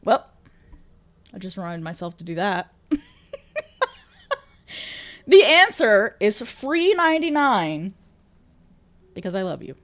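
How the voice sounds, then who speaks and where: A woman's voice: mid-range voice, big pitch swings, slow, pauses often. A woman streamer chatting casually with viewers, bubbly, laughing often and swearing freely. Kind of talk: casual chat reading viewer messages.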